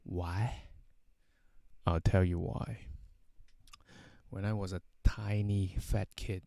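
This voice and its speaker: A man's voice: sits low, fairly even intonation, takes it slowly, gravelly, mellow, no echo. A man telling a casual anecdote, rambling with many fillers and tag questions. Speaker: storyteller.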